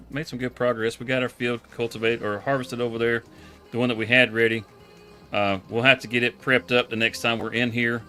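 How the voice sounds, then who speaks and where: Bright-voiced man, rambling stream host. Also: mid-range voice. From Texas. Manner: relaxed, rambling, laughs often. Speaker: livestream host. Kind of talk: casual live-stream chat.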